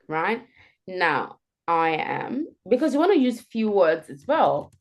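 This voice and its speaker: A woman leading a live group coaching call over video, playful and animated, acting out sample answers as she explains them. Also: medium pitch, measured pace. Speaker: career coach.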